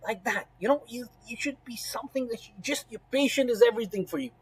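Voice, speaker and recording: A man's voice: very high-pitched, fast talker, gravelly, husky, rough recording. A man teaching a medical exam course in a spoken lesson, emphatic and full of "right?" and "you know".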